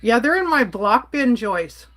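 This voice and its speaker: Canadian lady venting on her livestream, kinda high voice, blunt and fed up, chatting back to the comments. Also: big pitch swings, measured pace, a bit bright. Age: adult. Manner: exasperated, blunt, talks back to chat. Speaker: livestreamer reading chat. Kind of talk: casual livestream rant.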